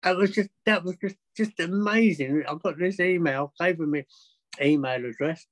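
An older man telling travel stories as a podcast guest, chatty and excitable, with frequent laughs. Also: fairly high pitch, moderate pace, no room sound, rough recording. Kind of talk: anecdotal storytelling.

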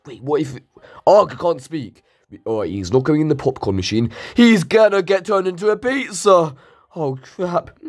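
A man's voice: mid-range voice, a little mellow. A man with a bad cold commentating a mobile game, yelping and pleading in comic panic. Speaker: gaming channel host. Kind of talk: gameplay commentary. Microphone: playing on mobile.

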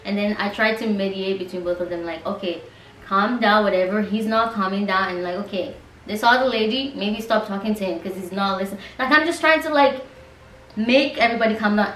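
A young woman from Nigeria telling a story to her viewers in a casual monologue, lively and direct, with a lot of "like". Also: mid-range voice, normal speed, recorded from a distance, a little hiss or hum. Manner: animated, talks straight to viewers, lots of "like". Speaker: vlogger. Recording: roomy sound, mic set back from her.

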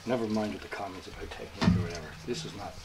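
A man talks through a bread recipe in a casual, self-mocking way. His voice sits a little low. Loud kitchen noise and running water fill the background. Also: racing. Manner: self-mocking, joking asides. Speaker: musician making bread. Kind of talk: casual cooking demonstration. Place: home kitchen.

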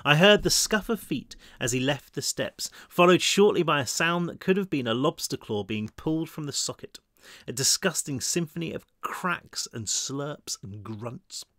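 A man reading his own novel aloud in first person, steady and measured. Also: on the high side, dry recording, studio quality. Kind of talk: first-person audiobook narration.

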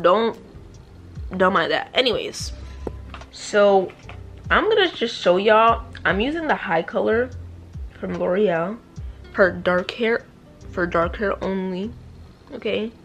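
A woman's voice: mid-range voice, a bit bright. A young woman chatting casually to camera at home, playful and self-deprecating. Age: young adult. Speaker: vlogger. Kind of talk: casual vlog chat. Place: at home indoors.

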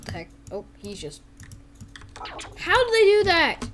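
Woman, gameplay commentary, excitable, giggly, very high, lively swoops. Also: unhurried, soft background music. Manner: excitable, giggly, narrates with silly character voices. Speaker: gameplay video host.

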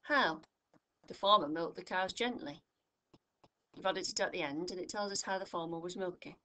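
A woman tutor giving a recorded grammar lesson, speaking clearly and patiently, from the United Kingdom, stressing each example phrase. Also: fairly low pitch, moderate pace, bright, forceful tone. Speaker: English tutor.

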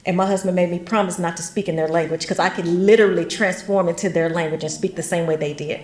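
Middle-aged woman with a slightly low voice, animated storyteller leading a workshop, recorded in an echoey room. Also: quick pace. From West Tennessee. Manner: animated, laughs often, folksy asides. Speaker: genealogy workshop speaker. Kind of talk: chatty storytelling talk. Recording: roomy echo.

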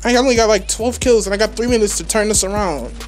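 Female gaming host, mid-pitched, narrating her match with rambling restarts and loud outbursts of trash talk, faint game music underneath. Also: fast. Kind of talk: live gameplay commentary.

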